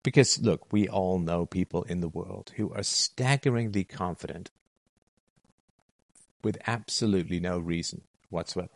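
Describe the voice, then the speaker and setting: A man's voice: deep voice, normal speed, dry recording. A middle-aged man holding forth in a monologue on philosophy, emphatic and repeating his key phrases. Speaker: philosophy talk host. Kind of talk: monologue to listeners.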